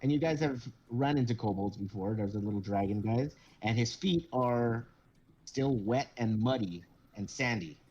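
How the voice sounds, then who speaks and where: A man's voice: mid-range voice, moderate pace, dark tone, breathy edge, muffled recording. A man narrating a tabletop game as game master in a loose, casual way.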